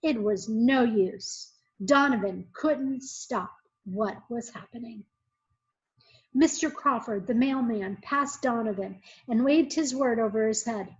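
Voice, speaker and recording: A woman teacher reading a children's book aloud in an expressive, measured way. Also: a little high. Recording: muffled lo-fi recording.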